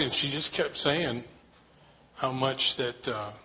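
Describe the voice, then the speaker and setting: A man telling a casual, self-deprecating story to a church group in a relaxed way. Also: medium pitch, slow pace. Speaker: church member sharing a story. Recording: dull lo-fi sound with faint noise.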